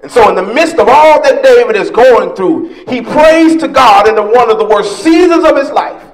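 A man preaching a sermon as pastor, impassioned, calling out to the congregation and rising into shouts on key lines. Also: extremely high pitch, animated, normal speed, a little hiss or hum, rough recording. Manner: addresses the congregation directly with "y'all". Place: church.

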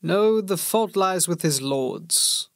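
A man playing a measured, thoughtful male lord who speaks slowly and deliberately. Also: high voice, lively intonation, a bit bright, dry recording, studio quality, voice pushed up, full character voice.

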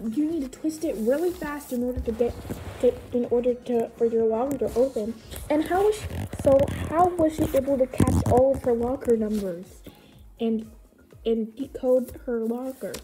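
A woman reads aloud from a book she made as a child, breaking off into amused, incredulous remarks. Her voice sits fairly high but sounds mellow and soft-edged. She talks slowly, with faint music playing underneath. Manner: amused, mocking, incredulous asides. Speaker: video creator reading her own childhood book. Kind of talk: casual reading with commentary.

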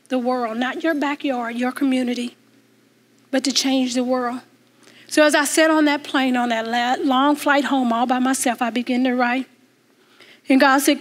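A woman minister preaching a sermon in a church, telling a story with emphatic rises and hushed passages. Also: sits high. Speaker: guest minister. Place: church sanctuary.

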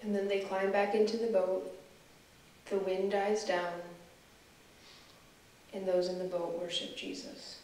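A woman's voice: medium pitch, flat delivery, darkish tone. Woman leading a meditation in an echoey hall. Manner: slow, reflective questions to the listener. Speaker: guest speaker. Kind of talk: guided scripture meditation. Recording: echoey room from far off, faint hiss.

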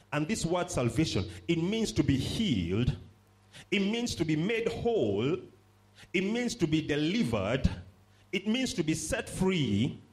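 A man preaching a sermon, stressing points by repeating phrases and calling on the congregation to respond. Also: fairly high pitch.

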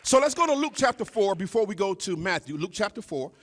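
A pastor's sermon swings widely in pitch, running a little fast with a fairly bright tone, while a faint crowd is audible over the live stream. In the reverberant church sanctuary he calls out to the congregation repeatedly, leans on "y'all," and murmurs low between emphatic lines.

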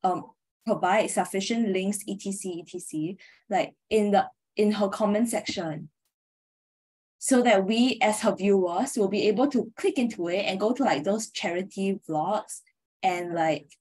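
A woman's voice: mid-range voice, moderate pace, darkish tone. A young female student speaking casually over a video call, with many filler words. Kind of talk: class presentation discussion.

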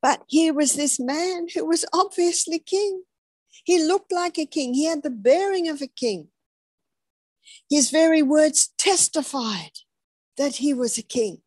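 A woman's voice: sits high, lively intonation, a little slow, darkish tone, no echo. Dramatic woman preaching. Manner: dramatic storytelling, dropping to whispers, then rising emphatic. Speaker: health speaker preaching. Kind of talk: sermon.

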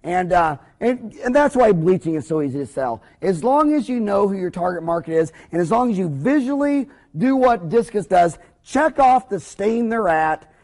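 A man's voice: sits high, moderate pace, hardly any pauses. A man giving a business lecture for dentists, rambling through jokes and anecdotes. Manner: animated, joking, rambling storyteller. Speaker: dental practice lecturer.

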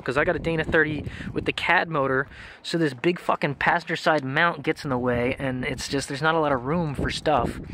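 A young man vents in an exasperated, profanity-laced rant. His voice sits a little high for a man. A faint hiss of noise runs under the recording. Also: pushed and bright. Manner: angry, profane, exasperated ranting. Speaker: vlogger reviewing car parts. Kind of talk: ranting vlog.

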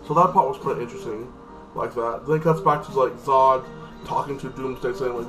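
Speaking briskly in a steady, medium-pitched voice, this man rambles through a casual spoken recap and review of a TV episode, restarting often and leaning heavily on fillers like "like". Loud music plays in the background, picked up by a far-off microphone.

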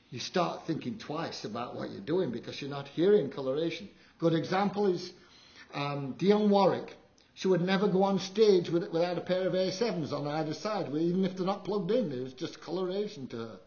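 Older man, sound engineer, animated anecdotes, lecture hall, echoey, muffled. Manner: animated storyteller, acts out quotes with big pitch jumps. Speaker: live sound engineer giving a talk. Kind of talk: anecdotal presentation to an audience. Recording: dull, roomy hall recording.

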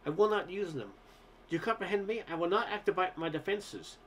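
A man's voice: sits high, brisk, fairly bright tone, slight background noise, pitched above the performer's own voice. A man voicing an anguished male alien who speaks in stiff, formal sentences, pleading to be destroyed. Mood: desperate pleading. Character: anguished towering alien with terrible eyes, male.

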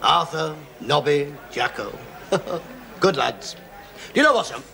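A man's voice: a little high, animated, a little slow, gravelly, bright, forceful tone, exaggerated voice. An actor playing a brash, boastful middle-aged Englishman in a sitcom. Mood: blustering. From England. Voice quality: blustering and boastful. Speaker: sitcom character, a boisterous English visitor. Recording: 1970s TV sitcom with audience laughter.

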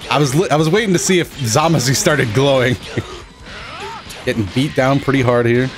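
Excitable young man, lively gaming commentary. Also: medium pitch, moderate pace. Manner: animated, yells at big moments, joking. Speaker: gaming channel host. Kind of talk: excitable fighting-game commentary. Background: game music.

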